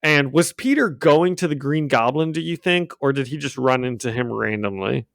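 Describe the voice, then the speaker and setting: A man's voice: medium pitch, animated, moderate pace, gravelly, a bit bright. A man co-hosting a podcast, recapping a comic in casual chat, laughing often and rambling with fillers, on a home microphone. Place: home room.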